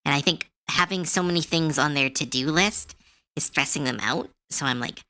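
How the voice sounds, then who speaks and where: A woman artist chatting casually on a livestream while she draws, talking in a chatty, animated way with many fillers and restarts. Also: low voice, normal speed. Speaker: artist streamer.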